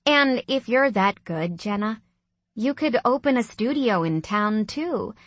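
A woman's voice: a little high, animated, measured pace, no room sound. A woman voicing a friendly, practical young mother who talks in a chatty, upbeat way in an audiobook.

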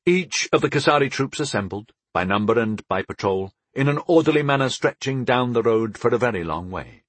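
A man narrates a fantasy novel in the first person with an expressive storytelling manner. His voice is husky and moves a lot in pitch, recorded dry and close. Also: fairly quick, no room sound. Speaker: audiobook narrator.

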